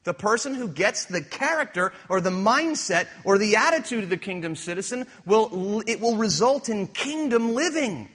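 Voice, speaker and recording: A man preaching a sermon, using rhetorical questions and swinging from hushed to emphatic. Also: sits high, lively intonation, normal speed, hardly any pauses. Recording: reverberant hall.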